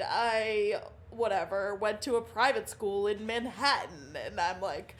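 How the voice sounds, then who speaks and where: A young woman comedian chats casually as a podcast guest. She is animated and self-deprecating, breaking into laughter often as she talks. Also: mid-range voice, measured pace, hardly any pauses. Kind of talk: casual chat.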